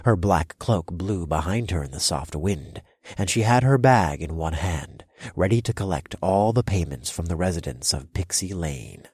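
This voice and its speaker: Brooding male audiobook narrator, deep husky voice, dry booth recording. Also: animated, normal speed, darkish tone, dry recording. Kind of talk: first-person audiobook narration.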